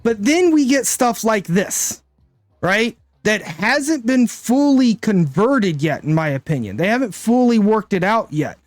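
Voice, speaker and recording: A man's voice: high voice, expressive, a little slow, no room sound. A man streaming a card game live, thinking aloud in casual commentary and often tagging his lines with "right?".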